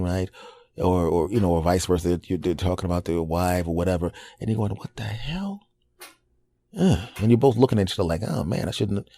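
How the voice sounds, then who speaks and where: A man in his forties hosts a podcast, speaking in a low, warm voice. He tells a casual monologue like a story, acting out small quoted reactions along the way.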